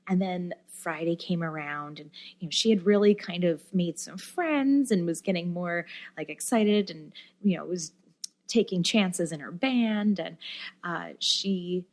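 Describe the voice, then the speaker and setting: A woman guest on a podcast tells a story with animated energy, slipping into little acted-out quotes and filling pauses with "you know." Her voice sits a bit low. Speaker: guest, musician and camp director. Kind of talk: casual interview storytelling.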